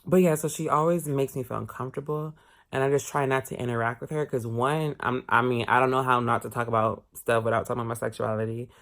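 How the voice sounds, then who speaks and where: A man vlogging a casual storytime, candid and expressive, swearing casually as he talks. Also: medium pitch, fast talker.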